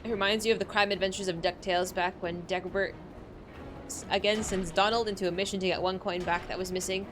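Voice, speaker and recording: A woman's voice: mid-range voice, steady tone, fast talker. Woman streamer, chatty, joking, faint music behind. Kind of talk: casual gameplay commentary.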